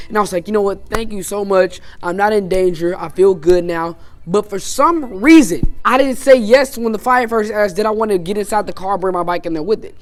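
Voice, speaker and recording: A man's voice: high voice, fairly quick. Young man telling a casual storytime. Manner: casual, animated storytelling full of filler like "man" and "you know". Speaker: YouTuber. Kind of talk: storytime vlog.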